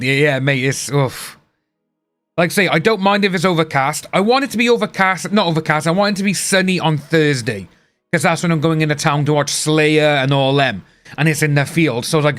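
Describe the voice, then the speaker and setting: A man's voice: fairly high pitch, a bit bright. A man chatting casually on a live stream, rambling and replying to his chat. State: hiccups. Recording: faint music behind.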